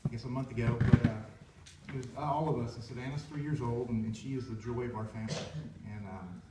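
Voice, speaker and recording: A man's voice: mid-range voice, fairly even intonation, fast, heavy background noise. A young man, a worship leader, telling a heartfelt personal story in a rambling way with many restarts. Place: church sanctuary. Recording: echoey church room from far off.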